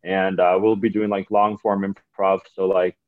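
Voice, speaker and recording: Heard over phone-quality audio, a young man's low voice moves at a moderate pace. He's a Canadian comedian guesting on a casual podcast, and he tells animated stories that ramble and are full of profanity.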